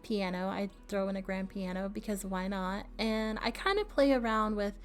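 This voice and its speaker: A woman's voice: medium pitch, moderate pace, faint music behind. A woman chatting casually through a voice-over about her build, laughing often and adding friendly asides, with the hiccups. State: has the hiccups. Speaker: game builder narrating a build video.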